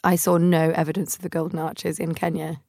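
A woman's voice: deep voice, level tone, fairly quick, gravelly, warm tone, no echo, studio quality. A young woman hosting a podcast, telling funny travel stories in a chatty, self-mocking way and putting on family members' voices. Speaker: podcast host. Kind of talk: casual storytelling monologue.

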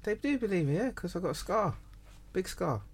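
A man's voice: high voice, very animated, fairly quick, breathy edge. A man, a comedian guest, talking in a hesitant, rambling way in a casual chat.

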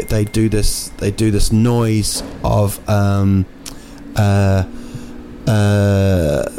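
Kiwi-male comic host, mellow gravelly voice, loose rambling delivery full of restarts. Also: lowish voice, slight background noise. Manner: rambling and jokey, with many restarts and fillers. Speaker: podcast host and comedian. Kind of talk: casual comic monologue. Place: indoors at night in a city.

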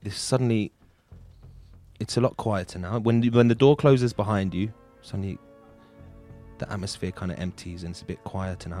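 A man's voice: lowish voice, fairly even intonation, normal speed, dark tone, faint music behind. A man hosting and narrating an improvised tabletop game as game master, loose and full of ums and restarts. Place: podcast studio.

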